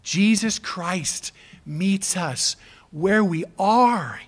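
A man preaching a sermon, emphatic, swinging between loud appeals and hushed near-whispers. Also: high voice, very slow.

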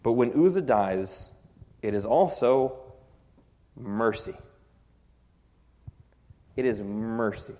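A man preaching a sermon with passion, dropping low and quiet and then rising to loud, emphatic peaks. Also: animated, slow, long pauses, in a large hall.

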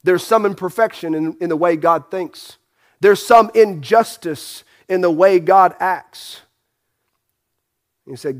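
High-voiced preacher man, emphatic. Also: slow pace. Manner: emphatic preaching, rhetorical questions, restarts. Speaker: pastor. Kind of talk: sermon.

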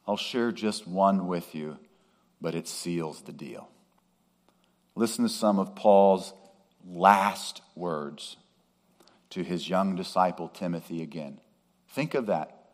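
A man preaching a sermon in a measured way, with emphatic rises on key words. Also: sits low. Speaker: pastor.

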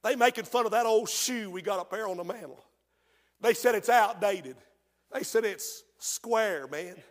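A man's voice: sits high, moderate pace, big-room sound, lightly acted. A preacher putting on an embarrassed teenage boy. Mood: pleading.

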